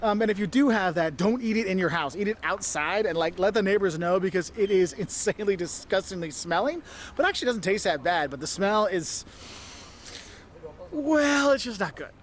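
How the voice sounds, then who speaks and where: A travel vlogger gives tips to camera outdoors in a city, chatty and direct, with laughs and asides. His voice sits high and is animated, at normal speed, with a slight hiss or hum.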